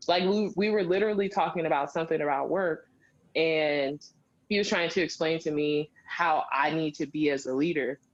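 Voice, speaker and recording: Woman telling a story in animated casual chat. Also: sits low, normal speed. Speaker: podcast co-host. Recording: dull lo-fi sound.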